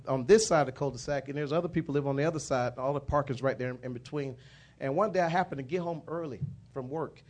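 A man's voice: mid-range voice, a little mellow. Man telling a church testimony. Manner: rambling storytelling with many restarts and fillers. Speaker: minister. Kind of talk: personal testimony in a sermon.

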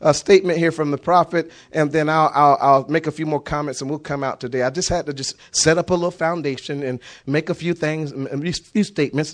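A man preaching a sermon with passion, repeating phrases and shouting key words for emphasis. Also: fairly high pitch.

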